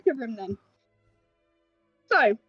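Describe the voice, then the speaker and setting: A woman's voice: a little high, sing-song, slow, husky, dry recording, highs cut off, soft background music. A woman narrating as game master of a tabletop game, in a descriptive storytelling manner over a call mic.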